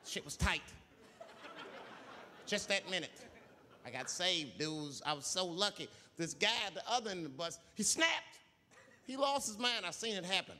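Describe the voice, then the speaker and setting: Animated man doing stand-up in a hall. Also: high voice, moderate pace, pauses often. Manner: animated storytelling, acting out crowd voices. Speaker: stand-up comedian. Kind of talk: stand-up comedy. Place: theater stage. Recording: live theater with long reverb and audience noise. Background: audience laughter.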